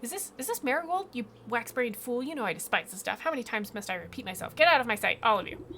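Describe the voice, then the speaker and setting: A woman voicing a haughty female queen bee tyrant, shrill and imperious, while streaming a video game. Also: quick pace, fairly bright tone, a little hiss or hum. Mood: scornful.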